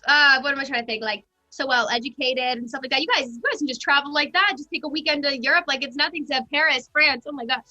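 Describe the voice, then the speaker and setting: Guest: young American woman, bright sharp tone, chatty and gushing. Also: high voice, fast, few pauses, soft background music. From United States. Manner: bubbly, lots of "like". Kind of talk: casual chat.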